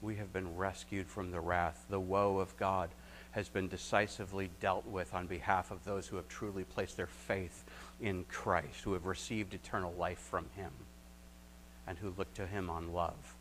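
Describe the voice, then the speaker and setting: A man preaching a sermon as pastor, moving between emphatic rising points and quiet, reflective stretches, closing in prayer. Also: sits low, level tone, moderate pace, slight background noise, low-quality recording.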